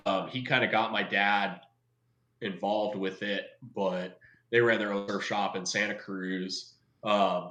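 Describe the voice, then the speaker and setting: A man in his forties, a retired soldier, telling a story in a casual podcast chat and acting out the people he quotes. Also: fairly low pitch. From United States. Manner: animated, acts out quoted voices, swears freely. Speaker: podcast guest. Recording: echoey room.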